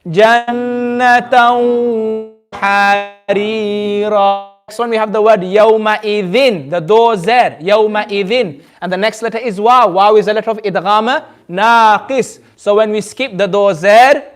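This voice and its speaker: In a community centre classroom, a man with a distinctly high voice teaches tajweed to a group through call-and-response recitation. Patient and repetitive with each rule, he stretches the words slowly so students can keep pace.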